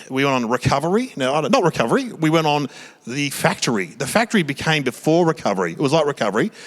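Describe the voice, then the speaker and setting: A man's voice: a little high, a bit bright. A middle-aged Australian man doing stand-up comedy, telling chatty, self-mocking stories on a theatre stage. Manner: chatty, self-mocking anecdotes with quick voiced asides. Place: small theatre stage before a live audience.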